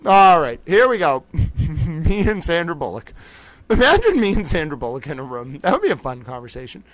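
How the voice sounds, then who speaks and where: Animated joking male livestream host. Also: fairly high pitch, normal speed, no room sound. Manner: animated and joking, reading chat aloud. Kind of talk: casual livestream chat commentary.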